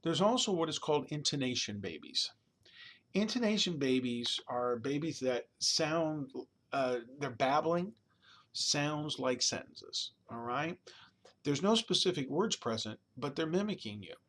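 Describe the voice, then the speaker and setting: A man's voice: on the high side, animated, measured pace, a bit bright. A man giving a recorded college lecture in a conversational way, often checking in with "all right?" and "okay?", sometimes imitating baby babble. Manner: demonstrates baby babbling sounds.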